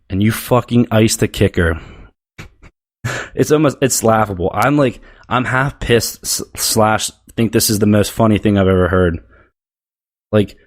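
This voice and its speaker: A man's voice: fairly low pitch, a little mellow. A man hosting a sports show, delivering a blunt, profane, heated rant about football. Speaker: sports podcast host.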